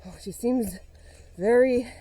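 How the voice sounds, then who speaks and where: A woman's voice: fairly high pitch, slow, mellow, breathy edge, poor audio. A woman vlogging outdoors on a forest trail, narrating a playful mock-spooky investigation and talking to her dog, a little out of breath. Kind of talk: mock-serious investigation vlog.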